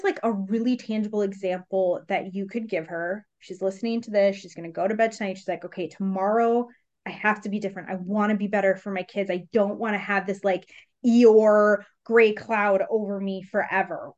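A woman hosting a podcast, asking questions in a quick, chatty, relatable way. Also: medium pitch, steady tone, a little mellow. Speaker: podcast host. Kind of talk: casual interview chat. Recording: slightly muffled podcast audio.

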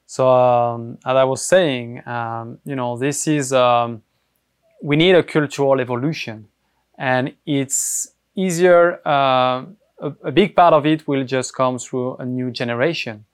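A man's voice: mid-range voice, clear, resonant tone. Thoughtful hesitant male podcast guest. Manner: thoughtful, hesitant, many ums and pauses. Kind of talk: reflective interview answers.

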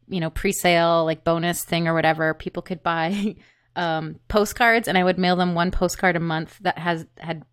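A woman, a singer-songwriter guest, telling stories in casual chat, laughing often and leaning on "like". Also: on the low side. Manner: laughs often, storytelling, says "like" a lot. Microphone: USB condenser microphone.

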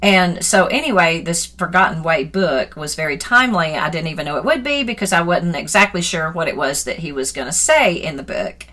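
A middle-aged woman and Christian author giving an earnest personal devotional talk into her phone, reflective and at times animated. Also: fairly low pitch, fairly quick, hardly any pauses. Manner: earnest and reflective, grows animated and laughing when retelling a story.

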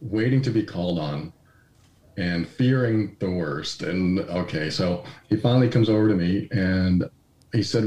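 A fairly low-voiced man talks through his own experiences in a relaxed, conversational way. He is candid and a little self-deprecating, and he briefly voices the other people in his stories. The recording has a noticeably roomy, echoey sound. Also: normal speed. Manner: candid, self-deprecating, acts out quoted dialogue. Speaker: podcast guest. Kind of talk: conversational storytelling.

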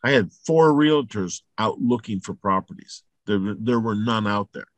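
A man giving a motivational talk, blunt and emphatic, repeating his points and building to loud peaks. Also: lowish voice, measured pace, no echo. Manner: salty, blunt language. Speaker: motivational speaker.

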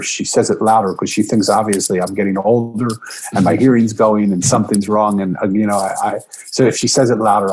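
A middle-aged man earnestly telling a personal story, emotional and reflective, his pitch jumping up when he quotes himself. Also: vocal fry, husky, rough recording.

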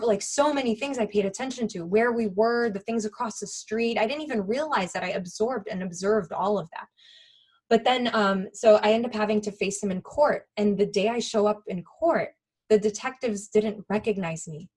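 A woman candidly recounting a personal experience in a halting, earnest way, with frequent fillers and restarts. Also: medium pitch, darkish tone, breathy edge. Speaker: guest telling a personal story.

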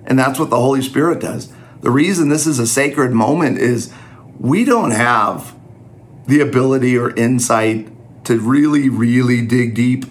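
A man delivers a Christian teaching talk at a middling pitch. He speaks earnestly and conversationally, sometimes poking fun at himself. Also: measured pace. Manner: earnest, conversational, self-deprecating. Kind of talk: sermon-style teaching talk.

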